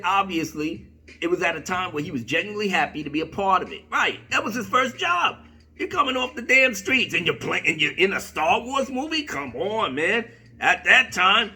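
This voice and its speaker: A man giving an unscripted commentary rant, profane, slangy and animated. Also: high-pitched, breathy edge. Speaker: video commentator.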